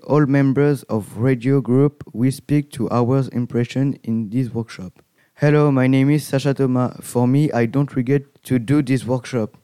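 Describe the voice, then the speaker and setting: Young student host. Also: male voice, mid-range voice, warm tone, clean tone, dry recording. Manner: careful, learner's phrasing. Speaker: student radio presenter. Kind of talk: reading a prepared statement.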